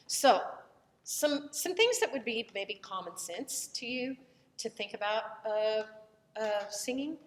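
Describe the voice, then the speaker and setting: Southern woman teaching in an echoey room. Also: medium pitch. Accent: Southern American. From American South. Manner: conversational, unhurried, with frequent fillers and restarts. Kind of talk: recorded lecture. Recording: echoey room, voice from far off the mic.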